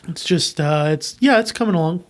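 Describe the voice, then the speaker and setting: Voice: medium pitch, lively intonation, brisk, lightly acted. A comedy podcaster improvising a newly hired station meteorologist who stalls and hesitates defensively. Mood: evasive. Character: evasive new station meteorologist. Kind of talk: improv scene.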